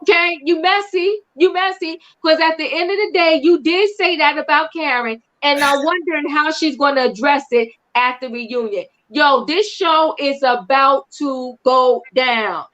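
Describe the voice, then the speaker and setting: An older woman hosting a live-stream reality TV recap, animated and sassy, often tagging her points with "okay?". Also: sits high, a little slow, few pauses. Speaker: show host. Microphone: online live stream. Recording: muffled lo-fi stream audio.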